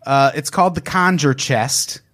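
A man hosting a casual podcast, reading out spooky stories and joking with friends. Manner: storytelling with animated pitch, quick to laugh. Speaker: podcast host.

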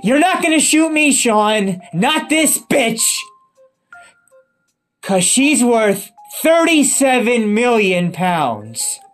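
A man's voice: high voice, huge pitch swings, takes it slowly, hardly any pauses, soft background music, exaggerated voice. A man voicing a defiant female thief in a raised, taunting voice. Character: woman thief, sly and defiant.

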